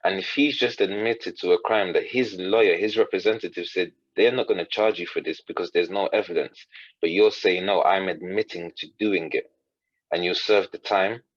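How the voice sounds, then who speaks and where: Low-voiced earnest man telling a story. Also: moderate pace, no echo, highs cut off. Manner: earnest, retells dialogue in quotes with frequent restarts. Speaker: coach, podcast guest. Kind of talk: storytelling in a conversation.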